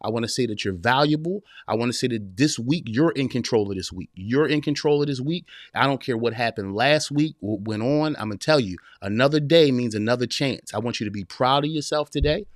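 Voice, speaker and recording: A man's voice: mid-range voice, animated, a little fast, hardly any pauses, no echo. Preachy man in his forties, dry close mic. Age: 40s. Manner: preachy, direct address with repetition; casual, addresses listeners as y'all and man. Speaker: podcast host. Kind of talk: live-streamed motivational podcast talk.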